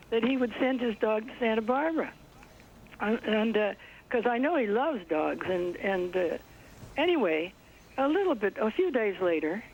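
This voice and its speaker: An older woman, a guest on a TV talk show, telling a rambling, animated anecdote over a phone line. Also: medium pitch, a little hiss or hum. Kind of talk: phone interview storytelling.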